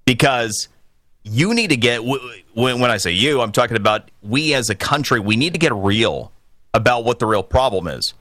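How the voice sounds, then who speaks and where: A man hosting a political call-in radio show, opinionated and emphatic, building to forceful peaks. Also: mid-range voice, expressive, normal speed, dry recording, studio quality. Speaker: radio talk show host.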